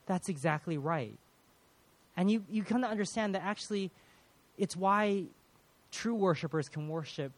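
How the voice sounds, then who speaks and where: A man preaching a sermon as pastor, earnest and prayerful, often repeating words as he speaks. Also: fairly high pitch.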